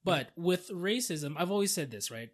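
A man co-hosting a podcast, talking casually with halting restarts and frequent agreement. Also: sits high. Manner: relaxed, halting, many restarts and agreeing interjections. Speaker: podcast co-host. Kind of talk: casual chat.

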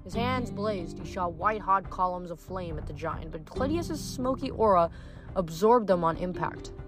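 A woman's voice: on the low side, lively intonation, moderate pace, music in the background. A woman reading a novel aloud, stumbling and correcting herself, with chatty asides between chapters. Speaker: audiobook reader.

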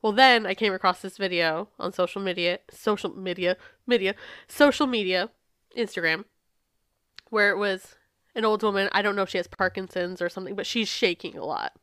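A woman's voice: mid-range voice, a little fast, fairly bright tone, smooth, dry recording, clean studio sound. A woman co-hosting a casual podcast, emotional and teary, swearing freely, with a stuffy nose from crying. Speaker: podcast co-host. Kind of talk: casual chat.

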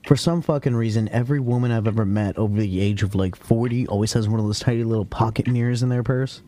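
A man's voice: medium pitch, fast talker, mellow. A young man hosting a casual podcast, telling a crude story in a rambling way, full of slang and fillers. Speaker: podcast host.

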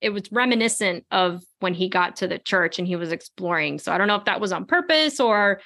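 A woman's voice: mid-range voice, animated, brisk, sharp tone. A woman hosting a podcast in casual chat, rambling and laughing as she talks. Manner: chatty, rambling, laughs often. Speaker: podcast host.

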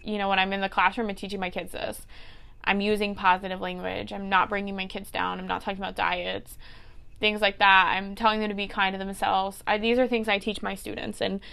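Podcast host, woman in her twenties, smooth clear voice, earnest and chatty. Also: mid-range voice, a bit bright. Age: 20s. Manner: earnest, advice-giving, with fillers like "like" and "okay". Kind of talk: casual solo podcast talk.

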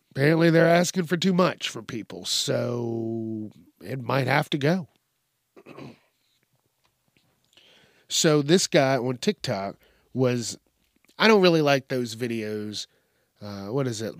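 Male podcast host, casual cussing commentary, unhurried delivery, mid pitch, dead-dry room sound. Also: no echo. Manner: rambling, profane, frequent fillers. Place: home studio with a mic stand. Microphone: stand microphone.

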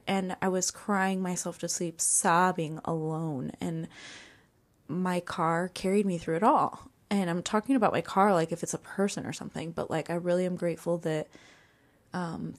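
A young woman hosting a podcast, rambling casually and self-consciously, full of likes and restarts. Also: lowish voice. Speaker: podcast host.

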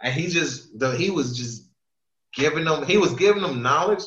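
A man chatting casually, retelling a story with animated quoting and plenty of swearing. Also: on the high side, normal speed. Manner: animated storytelling, retells quotes with lots of profanity. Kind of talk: casual chat. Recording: echoey room, dull lo-fi sound.

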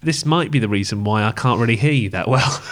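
A man's voice: on the low side, fast talker. A man co-hosting a podcast in casual chat, teasing and bantering with his co-host. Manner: teasing, banters and laughs often.

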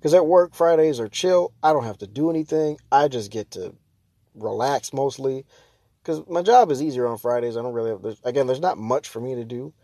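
A young man in a casual vlog rant, talking fast and loose with lots of fillers and restarts. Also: medium pitch, dry recording. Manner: ranting, exasperated, jumps to loud mock shouts.

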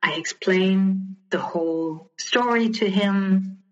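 A woman speaks candidly as a podcast guest, recounting her own story in a lively way and slipping into the words of the people she describes. Her voice sits at a middling pitch for a woman. The audio is a little dull and lo-fi. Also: slow pace. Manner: candid, animated retelling, often quoting others. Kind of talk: personal storytelling in conversation.

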